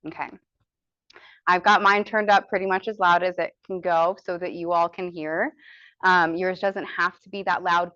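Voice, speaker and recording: A woman's voice: lowish voice, fairly bright tone, dry recording. American woman, yoga trainer; chatty, encouraging instruction with spoken demos; dry, slightly muffled sound. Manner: chatty, encouraging, demonstrates breathing aloud. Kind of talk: teaching a yoga training session.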